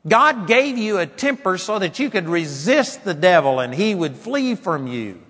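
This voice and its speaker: A high-pitched male preacher delivers a fiery sermon, his voice climbing into shouts and dipping into mocking whines. The sound carries a long reverb from a large hall. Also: big pitch swings, unhurried, breathy edge. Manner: impassioned, building to shouts, mocking whiny voices.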